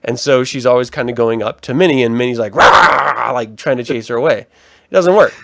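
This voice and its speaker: A man co-hosting a casual fan podcast, animated and profane, often restarting his sentences. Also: mid-range voice, quick pace, no room sound, studio quality. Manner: animated, swearing, trailing restarts. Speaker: podcast co-host.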